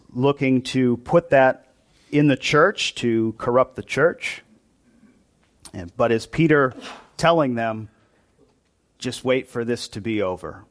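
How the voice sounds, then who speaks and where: A male pastor preaching a sermon to his congregation in a church, in a conversational style that often asks them questions. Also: medium pitch.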